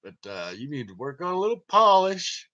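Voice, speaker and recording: A man's voice: high-pitched, big pitch swings, moderate pace, sharp tone, muffled recording. A man hosting his own channel, rambling and joking through a casual livestream monologue and laughing often. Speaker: channel host.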